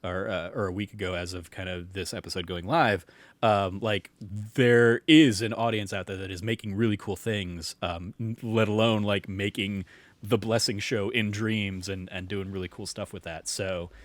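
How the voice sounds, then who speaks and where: Young male podcast co-host, lowish voice, loose, filler-heavy delivery, dry recording. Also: fairly even intonation, moderate pace, no echo. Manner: rambling, many fillers and restarts. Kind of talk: casual chat.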